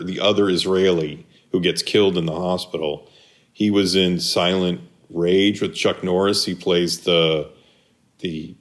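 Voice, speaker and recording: A man co-hosting a casual film podcast, rambling and restarting as he searches for names. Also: sits low. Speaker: podcast co-host.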